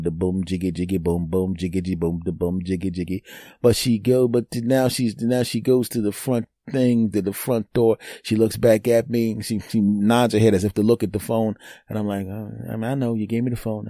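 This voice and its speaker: A man's voice: lowish voice, mellow, no echo, clean studio sound. A man around fifty telling a story on his podcast, boastful and joking, sometimes mimicking other people's voices. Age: 50s. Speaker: podcast host. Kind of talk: storytelling monologue.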